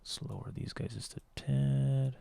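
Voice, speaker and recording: A man's voice: medium pitch, fairly even intonation, takes it slowly, gravelly, warm tone, dry recording. A man casually teaching how to mix a song in a home studio, rambling and swearing freely as he explains. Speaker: music producer teaching mixing.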